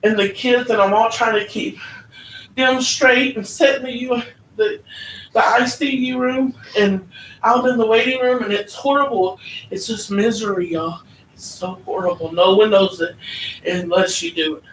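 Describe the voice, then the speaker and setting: A woman's voice: mid-range voice, steady tone, normal speed. A woman giving a heartfelt personal testimony at church, often asking "right?" as she goes. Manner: earnest, heartfelt, often tags lines with "right?". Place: church hall. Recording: roomy, distant, faint background hum.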